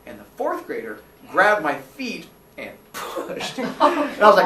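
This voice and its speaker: A man's voice: fairly high pitch, sing-song, unhurried, echoey room, recorded from a distance, very noisy. A man telling a comic story about his own childhood, acting out the voices of those in it with squeals and laughter.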